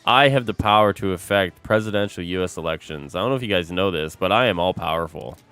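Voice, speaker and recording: His voice sits low, clear and resonant, and he talks fast. The young man is streaming, chatting casually and animatedly with his audience while swearing plenty and calling everyone bro.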